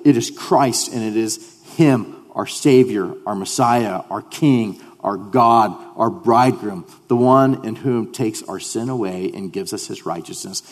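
A man preaching a sermon as pastor. He drops to hushed tones, then rises to loud, fervent declarations. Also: mid-range voice, long reverb tail.

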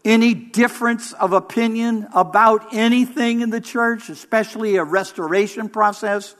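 A man preaching a sermon as interim pastor, measured and emphatic, with pauses for weight. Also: sits high, fairly bright tone.

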